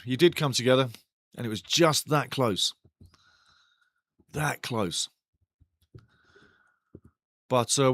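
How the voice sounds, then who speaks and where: Hosting a live match watch-along, a man with a slightly bright mid-range voice comments on the play and talks to his chat with real passion. His tone turns ranting and indignant as he addresses them directly, captured in a dry, studio-quality recording.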